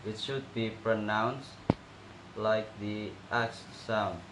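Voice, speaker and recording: A young male student slowly reading out a pronunciation assessment and demonstrating sounds. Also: fairly low pitch, fairly even intonation. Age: young adult. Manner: slow, careful, demonstrating sounds. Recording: echoey room with noticeable background noise.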